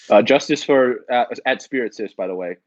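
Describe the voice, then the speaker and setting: A man's voice: mid-range voice, dull audio. A man co-hosting a casual comedy podcast, rambling, repeating words and swearing casually. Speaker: podcast co-host.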